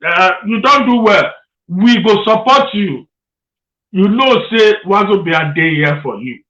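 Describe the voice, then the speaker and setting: A man with a Nigerian Pidgin accent hosting a radio interview, animated and laughing as he talks. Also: high voice, unhurried, roomy sound, lo-fi sound. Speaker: radio talk show host.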